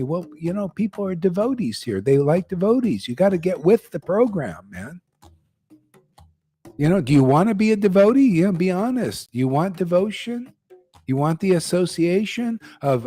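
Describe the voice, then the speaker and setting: A man's voice: sits high, dark tone. An older man giving a blunt, slangy devotional talk as a spiritual teacher, ranting and calling his listeners "man.". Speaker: spiritual teacher leading a chanting gathering.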